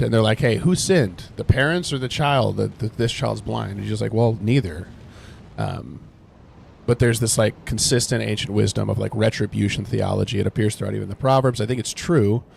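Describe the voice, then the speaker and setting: Gravelly low-voiced man streaming a Bible study. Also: a little mellow, a little hiss or hum. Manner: rambling, many fillers, paraphrases scripture in casual speech; reacts to game and chat in low muttering asides. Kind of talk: casual live-stream teaching while gaming.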